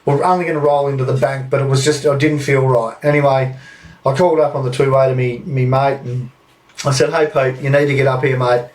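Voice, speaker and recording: A man's voice: mid-range voice, fairly even intonation, a little fast, distant mic. A man in his thirties with an Australian accent, telling a rambling anecdote on a podcast and swearing freely. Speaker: podcast host. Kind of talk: casual storytelling.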